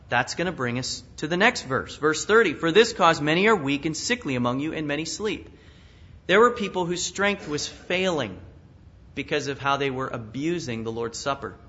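A man's voice: on the high side, sharp tone. A pastor preaching an expository sermon in an earnest manner, asking questions and chuckling at his own asides. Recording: dull lo-fi sound.

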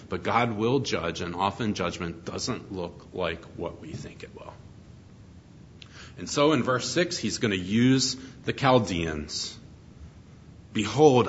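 A man's voice: on the low side, a bit bright, dull audio, slight background noise. A middle-aged man preaching an expository sermon, earnest and emphatic, asking his listeners rhetorical questions. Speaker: pastor.

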